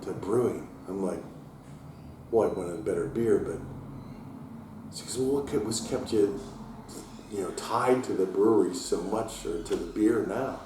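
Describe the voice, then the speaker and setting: A man's voice: lowish voice, normal speed, pauses often. A man who owns a brewery tells stories in a casual interview and acts out the people he quotes in a raised voice. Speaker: brewery owner and head brewer. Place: inside his brewery taproom. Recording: echoey room, mic at a distance, faint hiss.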